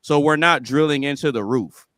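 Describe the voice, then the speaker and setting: A man hosting a live-stream panel, talking in a relaxed, conversational way. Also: on the high side, moderate pace. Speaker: host.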